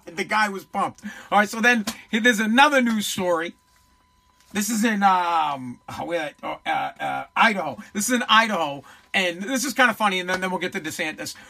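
A man from Boston hosts a solo podcast in a blunt, sneering rant full of curses. His voice is pitched very high for a man and has a bright, sharp edge. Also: normal speed, vocal fry. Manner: blunt, mocking, profane. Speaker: podcast host. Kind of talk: ranting solo podcast commentary.

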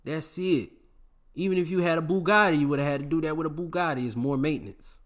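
A man's voice: a little high, quick pace. A man giving dating advice to the camera in an emphatic, preachy, repetitive way, full of slang. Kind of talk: casual advice monologue to camera.

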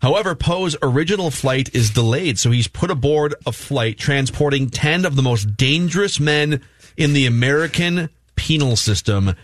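A man recaps a film plot for his co-hosts with a joking edge. His pitch rises and falls a lot as he talks. The recording is close and dry. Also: expressive, normal speed, no echo. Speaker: podcast co-host. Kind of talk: movie podcast chat.

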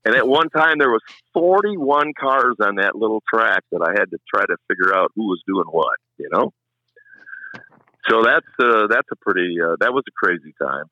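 A middle-aged man who has long announced at a race track tells stories in a casual chat, animatedly acting out what people said. His voice is on the low side and his pace moderate. The recording is dry and the audio sounds dull.

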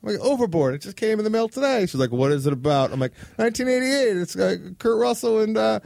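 A man's voice: sits high, sing-song, quick pace, gravelly, darkish tone, no room sound. A man co-hosting a film podcast, joking in casual banter with mock outrage. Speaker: podcast co-host.

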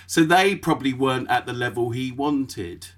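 A man in a mid-pitched voice, co-hosting a relaxed football chat. He muses and works through his ideas as he talks. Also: normal speed. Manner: musing, theorizing.

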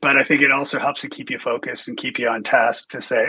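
A man who trains people in presenting, speaking as a podcast guest in a relaxed, explanatory way with many ums. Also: mid-range voice, fast, husky, no room sound, poor audio. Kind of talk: casual podcast conversation.

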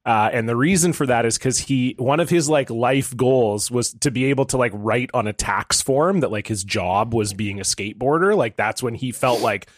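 A man's voice: medium pitch, moderate pace, hardly any pauses, no room sound, clean studio sound. A Canadian man from Ontario co-hosting a podcast, chatting casually and rambling with fillers. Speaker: podcast co-host. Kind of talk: casual chat.

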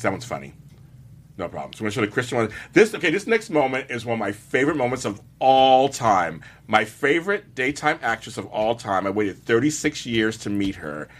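A man hosting a casual chat show, gushing and animated as he tells stories. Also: mid-range voice. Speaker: host.

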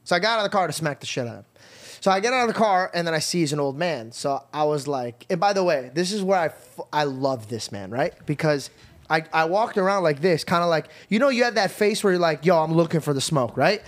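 A man hosting a podcast, telling stories in a lively, animated way with casual swearing. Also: on the high side, fast. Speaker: podcast host. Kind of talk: casual chat.

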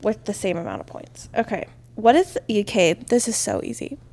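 A woman's voice: mid-range voice, huge pitch swings, moderate pace, gravelly, darkish tone. A young woman co-hosting a podcast, reading trivia questions and teasing her co-host in casual chat. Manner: playful, teasing quizmaster.

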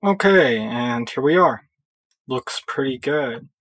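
Taking his time, a man narrates a laid-back screen-recorded software tutorial, musing aloud with fillers while clicking through. He sounds animated, with a medium pitch and a breathy edge, and there's no echo.

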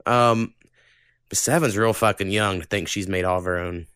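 A man's voice: fairly low pitch, moderate pace, fairly bright tone, clean tone, dry recording. A young man hosting a podcast in loose, profane casual chat, rambling with lots of fillers into a close mic. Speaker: podcast host.

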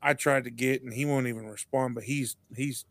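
A man, a podcast guest telling stories in casual chat, animated and laughing, acting out what people said. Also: mid-range voice, a little fast, no echo. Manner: animated, laughing storyteller who acts out quotes.

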